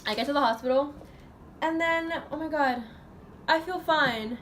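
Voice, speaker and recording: Against a noisy background, a woman from the USA chats through a personal story for her casual vlog. Her voice sits high at an ordinary speed, and her telling is rambling and packed with "like."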